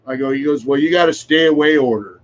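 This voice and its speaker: Talking fast in a fairly high voice, a roughly sixty-year-old podcast guest spins long, rambling, frank stories peppered with filler phrases and the occasional curse. The audio is dull with slight background noise.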